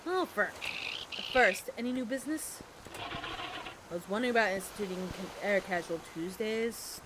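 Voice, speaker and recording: A woman's voice: mid-range voice, normal speed, noisy background, close to an everyday voice. A woman voicing a pompous crocodile boss in a detective game, talking in a bossy, officious way.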